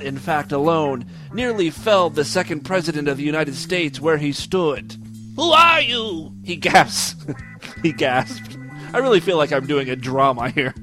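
A man with a fairly bright, higher-pitched voice hosts a podcast, reading tweets and a story aloud. He adds irreverent commentary and laughs at his own material.

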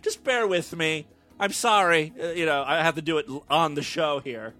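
A man's voice: fairly high pitch, normal speed, pushed and bright, soft background music. A man hosting a show, reading strange news stories with irreverent jokey asides and frequent stumbles over words. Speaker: podcast host reading odd news.

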